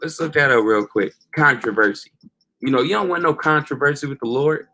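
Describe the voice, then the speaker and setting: Slangy man preaching, a bit high. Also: expressive, fast talker, pushed and bright. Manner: casual slang, repeats "you know" and "okay". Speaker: street preacher. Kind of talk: informal preaching monologue.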